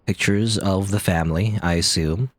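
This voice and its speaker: A man's voice: low voice, normal speed, dry recording, clean studio sound. A man casually commentating on a video game as he plays it, chatty and rambling. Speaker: let's play host.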